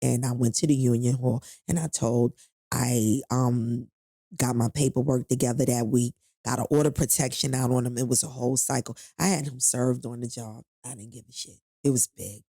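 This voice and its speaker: A woman's voice: very deep voice, steady tone, moderate pace, creaky, dark tone, no room sound. Blunt, profane woman telling her story. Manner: blunt, profane, emphatic retelling. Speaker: podcast guest. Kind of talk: emotional personal storytelling.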